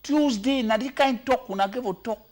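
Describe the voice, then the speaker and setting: A man with a Cameroonian Pidgin accent giving comic commentary, animated and switching between languages, sometimes shouting. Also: very high-pitched, brisk, slight background noise. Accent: Cameroonian Pidgin English. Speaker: comedy commentator.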